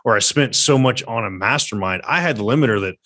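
A man's voice: medium pitch, lively intonation, fast, fairly bright tone. A man who works as a business coach, agreeable and reflective, in a podcast conversation.

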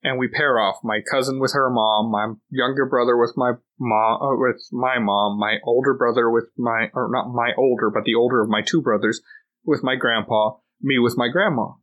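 A man's voice: medium pitch, steady tone, normal speed, narrow, tinny audio. A man co-hosting a podcast, telling long stories in casual chat, laughing often and restarting his sentences. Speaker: podcast co-host.

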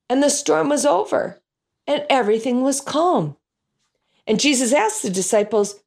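In a high, creaky voice and at a moderate pace, a woman who leads a children's Bible class recounts a story from it to an audience. She performs the dialogue and sound effects with animated voices.

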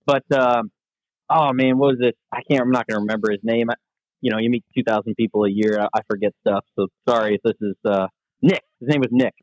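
A man as a podcast guest, telling lively stories about leading group outings in a casual, talkative way. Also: mid-range voice, quick pace, no room sound, low-quality recording. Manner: animated, anecdotal storyteller. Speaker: guest, veterans outdoor program leader. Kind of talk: casual interview storytelling.

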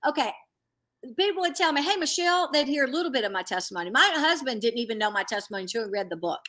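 A middle-aged woman sharing a personal faith testimony in earnest, animated storytelling, acting out what others said. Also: fairly high pitch, rapid-fire. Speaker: guest.

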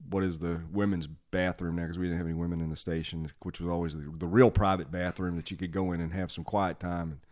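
A man hosting a podcast, a former fire officer telling old station stories in a lively way, acting out the quotes and laughing often. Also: low voice, quick pace, hardly any pauses. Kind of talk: casual storytelling chat.

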